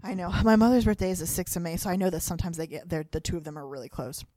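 A woman's voice: lowish voice, rapid-fire, dark tone, a little hiss or hum. A woman co-hosting a podcast, chatting loosely about a TV episode with lots of asides. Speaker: podcast co-host. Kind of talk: casual chat recapping a TV episode.

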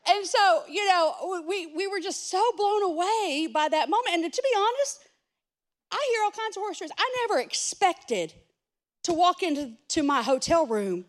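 Woman pastor, very high voice, sermon delivered as an animated self-mocking story. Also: normal speed.

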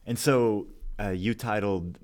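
A reflective man with a very low voice, co-hosting a casual conversation about faith. He speaks thoughtfully and often agrees with his partner. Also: takes it slowly, darkish tone. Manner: reflective, agreeable, many brief affirmations. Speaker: podcast co-host. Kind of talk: casual theological discussion.

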